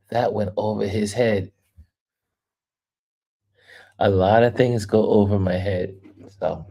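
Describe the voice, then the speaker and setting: With a lowish voice carrying vocal fry and a breathy edge, this male livestream host chats casually and reads viewer comments aloud. He laughs frequently and stays animated as he talks loosely with his audience.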